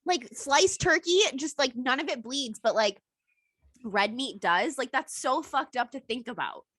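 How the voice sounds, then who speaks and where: A woman's voice: high-pitched, animated, measured pace, a bit bright, slightly rough, no room sound. A young woman co-hosting a casual podcast, rambling and swearing freely while laughing often. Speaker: podcast co-host. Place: outdoors at her mother's home. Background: dog barking and squirrel noises.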